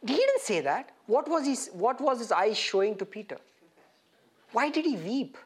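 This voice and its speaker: Animated preacher quizzing his listeners. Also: extremely high pitch, normal speed, breathy edge. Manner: animated, questioning the listeners directly. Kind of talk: interactive sermon teaching.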